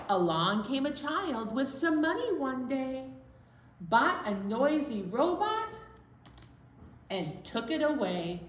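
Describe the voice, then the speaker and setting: A woman hosting a children's storytime, reading a counting story in a sing-song, drawn-out way with playful asides to young listeners. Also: a little high, very animated, slight background noise. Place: library room. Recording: echoey room.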